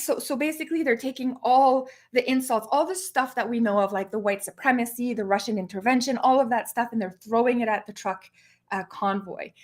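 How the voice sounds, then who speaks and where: A woman hosting her own live stream, talking earnestly and directly to her viewers in casual commentary. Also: on the high side. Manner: earnest, speaks straight to viewers.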